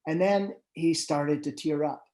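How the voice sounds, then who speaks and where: A man's voice: on the high side, unhurried, warm tone. A man who manages musicians, moderating a panel and telling anecdotes in a loose, conversational way with many fillers and restarts. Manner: storytelling, with frequent fillers and restarts.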